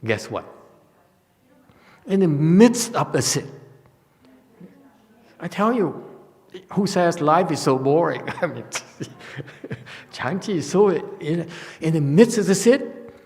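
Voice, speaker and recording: A male Buddhist teacher tells stories in an unhurried, halting way, pausing on fillers and laughing often. His speech is slow. The sound carries a long hall reverb. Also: on the high side, big pitch swings, darkish tone. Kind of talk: dharma talk. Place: monastery hall.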